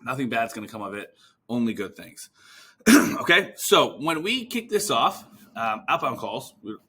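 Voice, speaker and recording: A man hosting a podcast for physical therapists, talking casually and acting out sample phone calls in quick put-on voices. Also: medium pitch, big pitch swings, bright, forceful tone, husky. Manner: casual, swears now and then. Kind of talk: casual coaching talk.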